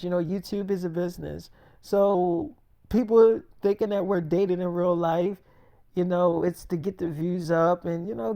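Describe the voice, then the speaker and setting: A man's voice: sits high, warm tone, no echo, studio quality. A man improvising a crude, slangy story in a casual, offhand way.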